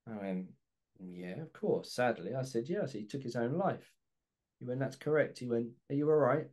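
A man's voice: mid-range voice, moderate pace, a little mellow. A man, hosting a podcast and candidly telling a personal story, acting out phone calls with his dad. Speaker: podcast host.

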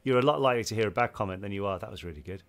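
A man's voice: on the low side, very fast, a bit bright. A man from England co-hosting a podcast, chatting casually and rambling through stories with many restarts. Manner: rambling, restarts sentences, laughs while telling stories. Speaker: podcast co-host. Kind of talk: casual interview chat.

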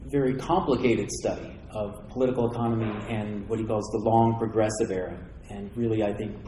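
Man moderating a conference, introducing a speaker, mellow tone, echoey hall, faint noise. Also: on the low side.

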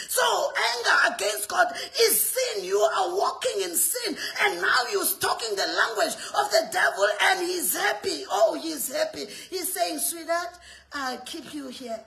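A woman preacher delivering an impassioned sermon, shouting and repeating her lines with rhetorical questions. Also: very high-pitched, vocal fry.

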